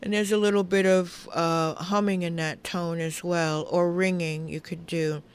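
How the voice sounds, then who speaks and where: Slow, calm woman guiding relaxation. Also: on the low side, smooth. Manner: calm, unhurried, soothing guidance. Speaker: wellness teacher. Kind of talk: guided relaxation instruction.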